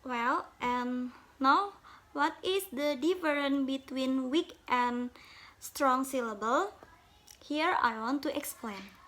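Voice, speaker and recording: Woman reading out a phonology lesson, high bright voice, slow and careful. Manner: slow, careful, reads from notes, non-native English grammar.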